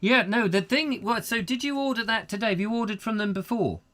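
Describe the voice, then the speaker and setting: An older man hosting a comic chat show, teasing his caller with jokey, animated banter. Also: high-pitched, fairly quick. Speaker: host.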